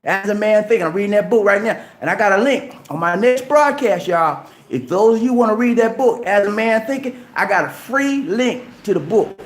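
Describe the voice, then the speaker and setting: Animated preachy man in an echoey room. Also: high voice, moderate pace, hardly any pauses. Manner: animated and preachy, acting out little dialogues; colloquial, repeats "man" and "okay". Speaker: travel vlogger. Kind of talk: casual motivational talk to camera.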